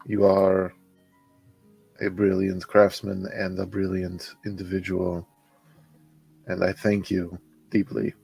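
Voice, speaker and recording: A solemn adventurer gives formal thanks in a tabletop game, voiced by a man. His deep, husky, gravelly voice moves slowly and stays flat and earnest. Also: soft background music, full character voice, poor audio. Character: grateful, solemn male adventurer.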